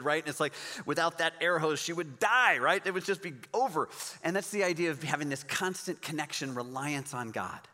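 A man's voice: a little high, bright, forceful tone, big-room sound. A pastor in his forties preaching a sermon in a conversational, storytelling way, with emphatic rises in his voice.

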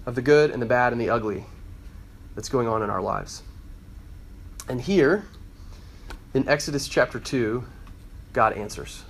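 A man in his thirties preaching a conversational sermon to a student group, often repeating phrases. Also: mid-range voice. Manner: conversational, repeats himself, acts out quoted voices. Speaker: campus ministry preacher.

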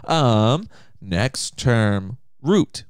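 A man's voice: medium pitch, sing-song, extremely slow, smooth, no echo, clean studio sound. A man co-hosting a podcast in casual chat, playful and teasing. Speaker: podcast co-host.

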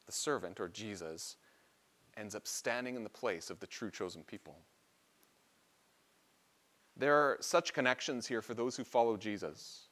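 A man's voice: fairly low pitch, animated, normal speed, long pauses, a bit bright. A man preaching a sermon, explaining a Bible passage in an earnest, teaching manner and lifting his voice on key phrases.

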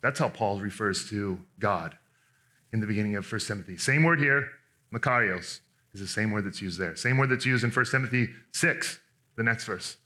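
A man preaching a sermon in an animated, conversational way, restarting often and acting out the people he quotes. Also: on the low side, moderate pace. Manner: acts out quoted speakers in voices. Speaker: pastor.

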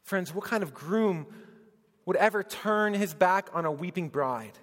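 A man preaching a sermon as pastor, swinging between loud proclaiming and hushed, tender speech. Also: high voice, lively intonation, measured pace. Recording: long hall reverb.

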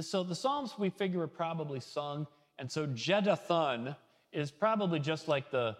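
A man's voice: sits high, big-room sound. A man preaching a conversational sermon, reading scripture with feeling and mixing in folksy asides. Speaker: pastor.

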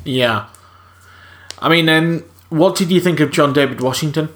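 A man's voice: on the high side, normal speed, a bit bright. A man co-hosting a podcast, giving wry, opinionated takes on films. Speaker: podcast co-host. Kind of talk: casual film review chat.

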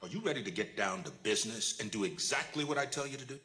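An actor in a film clip giving bossy orders. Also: male voice, fairly low pitch, animated, fast talker, sharp tone, reverberant. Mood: commanding. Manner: bossy, commanding.

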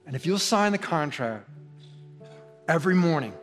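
A pastor with a slightly high voice delivers an earnest, repetitive sermon that swells in intensity. His voice rings out with a long hall reverb, and a faint guitar plays underneath. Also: lively intonation, normal speed, pauses often, a bit bright.

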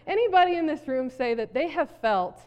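A woman's voice: high voice, lively intonation, fairly quick, a little mellow, highs cut off. A woman pastor from South Dakota preaching a sermon, telling a story animatedly with frequent laughter. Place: church hall. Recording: long reverb of a hall.

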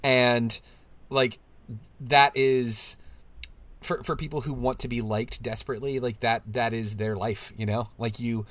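A man co-hosting a podcast in casual chat, animated and laughing often, his voice jumping up when he mimics people. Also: medium pitch, a little slow, no room sound. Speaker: podcast co-host.

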